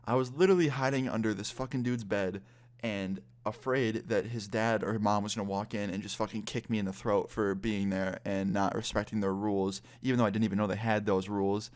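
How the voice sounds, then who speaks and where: In a brisk, lowish voice, a roughly twenty-year-old vlogger livelily recounts a story in casual storytime fashion, cursing freely along the way.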